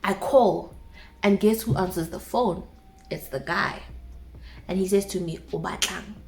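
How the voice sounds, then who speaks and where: A woman's voice: mid-range voice, unhurried, a little mellow. A young woman in her twenties with a South African accent, casually telling a dramatic personal story to her viewers with asides. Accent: South African English.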